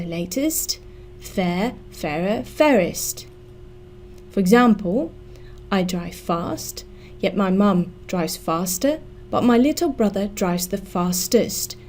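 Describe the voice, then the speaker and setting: Woman, English teacher, slow deliberate delivery, mellow tone, faint room ambience. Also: mid-range voice, a little hiss or hum. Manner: slow, deliberate explanation, spelling out letters. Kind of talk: grammar lesson.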